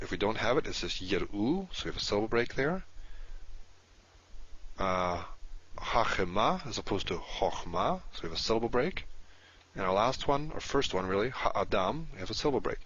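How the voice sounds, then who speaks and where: A man's voice: fairly low pitch, fairly bright tone. A man teaching a recorded language lesson, explaining step by step and repeating key terms patiently. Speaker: Hebrew teacher. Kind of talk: recorded lecture. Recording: dull lo-fi recording.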